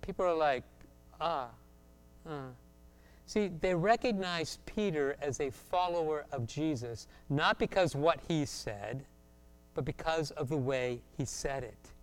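A man from South Florida preaches a sermon. He tells funny stories and slips into the voices of the people in them. His voice sits a little high and comes through smooth and crisp. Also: lively intonation, a little slow. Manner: humorous storytelling, acts out voices. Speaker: pastor.

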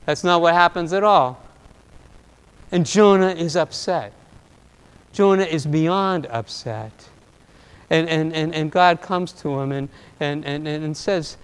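A man preaching a sermon, telling a story with animation and swinging between loud and soft delivery. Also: fairly high pitch, takes it slowly, long pauses, smooth. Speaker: pastor. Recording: long reverb of a large hall.

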